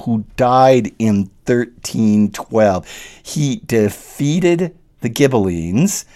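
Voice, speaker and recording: A man giving an animated lecture that walks through a poem line by line and tells the history behind it. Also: on the low side. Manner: lively, animated storytelling with rising emphasis. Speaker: literature lecturer.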